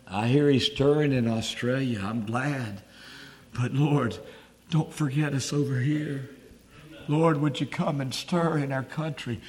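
A man's voice: medium pitch, slow pace, darkish tone. A man preaching a sermon at a camp meeting, earnest and pleading.

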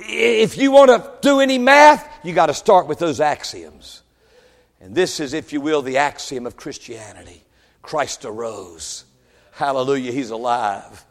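A man preaching a sermon, swinging from shouted peaks to low quiet asides and stumbling over words when worked up. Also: in a large hall. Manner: stammers and restarts when worked up.

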